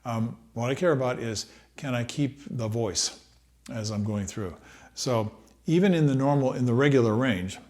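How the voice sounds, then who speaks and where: A man's voice: mid-range voice, a little mellow. Thoughtful man teaching trumpet. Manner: thoughtful, unhurried, thinks aloud with many fillers. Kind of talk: relaxed practice-room lesson.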